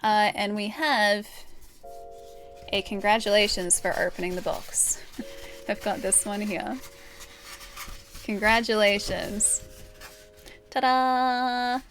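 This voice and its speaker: Slow-talking Australian woman streamer. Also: mid-range voice, fairly even intonation, fairly bright tone. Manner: thinking aloud, chatting with viewers. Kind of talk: casual live-stream chat.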